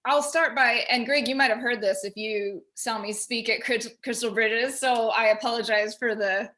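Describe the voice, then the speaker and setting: A woman on a video call at home, telling a personal story in an animated way and quoting herself and others. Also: on the high side, moderate pace. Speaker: featured artist guest. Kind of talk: casual video call discussion.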